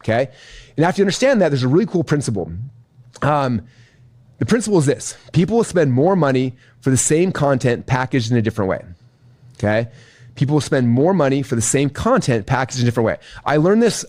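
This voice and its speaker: A middle-aged man teaching as a business coach, animated, often checking in with the audience. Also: on the high side. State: out of breath. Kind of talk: energetic teaching talk.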